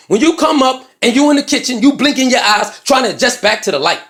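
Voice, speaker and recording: A man's voice: very high-pitched, lively intonation, fairly quick, few pauses, a bit bright. A man with a Philadelphia accent telling a comedic story, profane and full of slang, acting out both sides of an argument.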